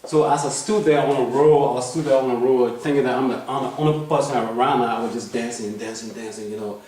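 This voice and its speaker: A man's voice: medium pitch, steady tone, a little fast, darkish tone, a little hiss or hum. A man tells a story from his life in a loose, rambling way, restarting his sentences and checking in with his listener. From Liberia. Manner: rambling, many restarts, keeps asking "you know what I'm saying". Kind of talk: casual life-story telling. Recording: very echoey room, mic far off.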